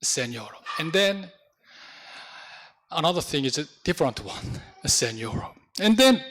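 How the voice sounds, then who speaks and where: A man's voice: high voice, lively intonation, a little slow, fairly bright tone. Man preaching, bouncy intonation, takes his time, telling a story in english. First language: Korean. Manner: storytelling with non-native English phrasing. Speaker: pastor. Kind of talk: sermon.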